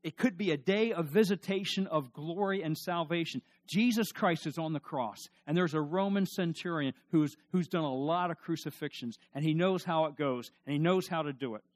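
A male pastor preaching a sermon emphatically, repeating his questions and swinging from loud to hushed. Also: fairly high pitch, normal speed, hardly any pauses, no echo.

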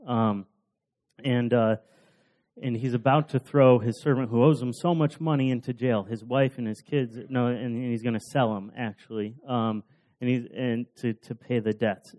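A man's voice: medium pitch, a little mellow. A man preaching a sermon, retelling parables in a casual, conversational storytelling manner. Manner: casual storytelling with fillers and restarts.

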